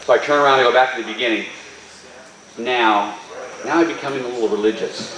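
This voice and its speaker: A man, a stunt performer, telling a story at a live Q&A in an animated way and laughing often. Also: medium pitch, fast talker, heavy background noise. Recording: roomy hall, distant mic.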